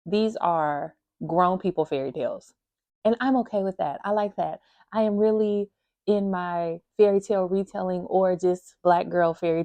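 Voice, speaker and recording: A woman's voice: mid-range voice, dark tone, no room sound. A woman hosting her book channel, chatting expressively to viewers at home in her small apartment. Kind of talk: casual chat to camera.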